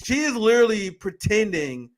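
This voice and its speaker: A man hosting a political commentary show, heated and profane, reacting with outrage and bursts of shouting. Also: high-pitched, very animated, moderate pace. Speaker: show host.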